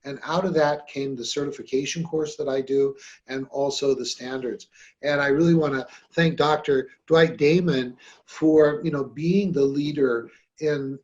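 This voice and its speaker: A man's voice: a little high, darkish tone, highs cut off. A man hosting a podcast about hypnosis, talking in a friendly, rambling way with many fillers. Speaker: podcast host and hypnosis trainer. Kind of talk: casual podcast chat.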